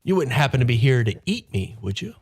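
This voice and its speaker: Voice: medium pitch, big pitch swings, fast, darkish tone, husky, faint music behind. A game master voicing an optimistic, cheerful male satyr in a tabletop game, breezy and self-assured. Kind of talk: tabletop role-play voicing.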